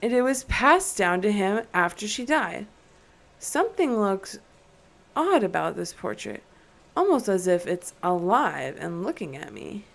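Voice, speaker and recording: Speaking unhurriedly in a mid-range voice with vocal fry, a young woman is very animated as she streams a horror game. She chats casually into a desk mic, anxious and repeatedly dropping to terrified whispers.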